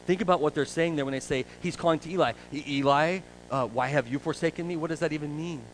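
A male pastor preaching a conversational sermon, dropping to a hush and rising to loud emphasis. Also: mid-range voice, a little hiss or hum, rough recording.

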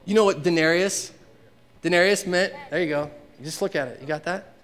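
A man's voice: sits high, fairly quick, a bit bright. Conversational man preaching a sermon. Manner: conversational, asks the congregation questions, acts out quotes. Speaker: pastor.

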